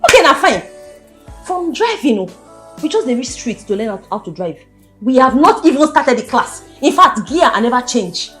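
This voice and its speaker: A woman with a Nigerian accent playing a brash, loud-mouthed young village woman who rants and hurls insults in pidgin. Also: high-pitched, sing-song, moderate pace, faint music behind. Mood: indignant.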